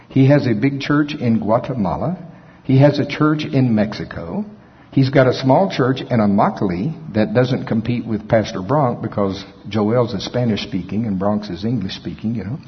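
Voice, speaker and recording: Folksy, lively male preacher. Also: mid-range voice, moderate pace, long reverb tail, muffled recording. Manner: folksy, animated anecdotes. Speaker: pastor. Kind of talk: storytelling sermon.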